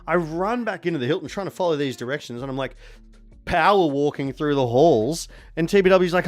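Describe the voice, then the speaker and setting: A man in his forties with an Australian accent, chatting casually on a stream in a rambling way, sometimes bursting into excited shouting. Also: a little high, a little fast, faint music behind. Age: 40s.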